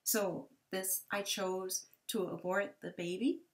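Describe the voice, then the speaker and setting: Slow, gentle woman sharing testimony. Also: mid-range voice, fairly even intonation, a little hiss or hum. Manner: gentle, halting, with hesitant restarts. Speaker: ministry speaker sharing testimony. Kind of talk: personal testimony talk.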